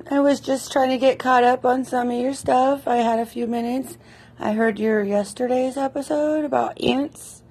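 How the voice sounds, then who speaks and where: A woman's voice: fairly high pitch, a little mellow, breathy edge. A woman leaving a friendly, chatty voice message. She repeats herself and giggles as she talks. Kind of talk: casual voice message.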